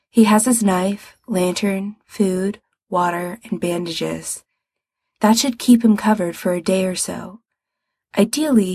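A woman reads a story aloud at an unhurried pace, in a soft, measured way. Her voice is breathy and slightly husky, and the sound is close and dry with no room around it. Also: medium pitch, dry recording. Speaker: narrator. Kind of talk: storybook narration.

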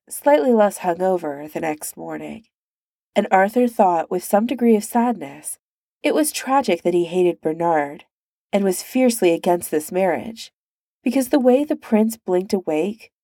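A woman reading fiction aloud in a measured, even pace. Her voice is gravelly with vocal fry, low, and mellow, recorded dry and close. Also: dry recording. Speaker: narrator.

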